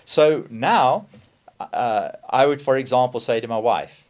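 Man, teacher-guest, very expressive pitch, mid register. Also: measured pace. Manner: animated, acts out examples in quoted voices. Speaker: guest speaker on communication. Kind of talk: conversational teaching.

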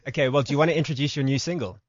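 A man hosting a radio show in a relaxed way, reading listener messages aloud. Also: medium pitch, very fast, no room sound. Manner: laid-back, reads listener messages. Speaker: radio host. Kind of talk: casual radio chat. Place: radio studio. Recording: dry dull lo-fi studio sound.

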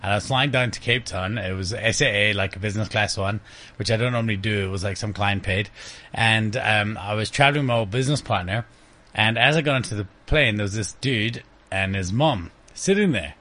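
Bright-voiced man telling casual anecdotes. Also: lowish voice, a little fast. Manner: laughing, swearing, lively anecdotes. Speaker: podcast guest. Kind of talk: casual storytelling chat.

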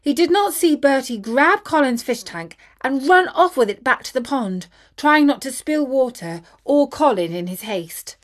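A woman narrating a children's story in a gentle, expressive way. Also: high-pitched, unhurried, hardly any pauses.

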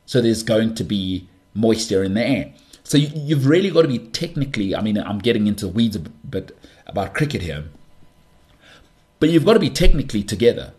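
Animated South African man, low voice. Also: fairly quick. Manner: animated, banter-heavy, frequent restarts. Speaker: podcast host. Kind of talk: casual monologue.

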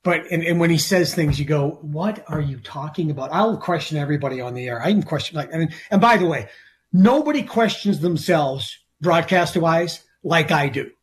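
A man's voice: a little high, animated, moderate pace. A middle-aged man co-hosting a sports talk show, ranting emphatically and often repeating himself. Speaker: sports radio co-host.

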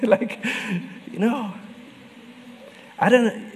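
Pastor preaching in a reverberant hall. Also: male voice, medium pitch, expressive, measured pace, darkish tone, slight background noise. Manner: personal storytelling, laughs often. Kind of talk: sermon.

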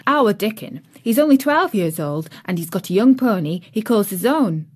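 A woman's voice: medium pitch, very animated, moderate pace, breathy edge. A woman voicing a cheerful, chatty young serving girl, homely and outspoken.

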